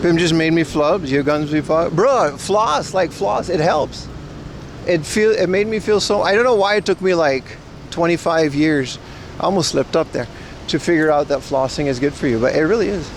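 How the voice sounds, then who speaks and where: Out on the city streets by bike, a livestream host in his 30s rambles casually and replies to chat. He speaks at normal speed in a voice on the high side, with slight background noise.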